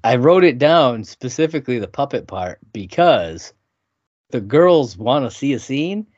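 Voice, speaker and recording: A man co-hosting a casual podcast, recapping scenes with enthusiasm and laughing often. His voice is a middle pitch, recorded dry with no room sound. The sound is slightly dull and lo-fi. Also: sing-song, unhurried, a little mellow, dry recording. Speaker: podcast co-host. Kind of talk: casual chat.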